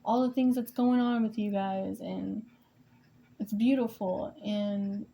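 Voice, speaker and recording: A woman's voice: mid-range voice, steady tone, slow, vocal fry, highs cut off, a little hiss or hum. A young mother venting about co-parenting in a casual vlog, emotional and rambling, swearing often and restarting her sentences, while she paints.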